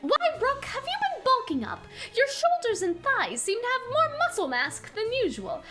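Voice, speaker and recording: Theatrical young French hunter with a big put-on accent, read by a woman, high and lively. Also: moderate pace, faint music behind, exaggerated voice.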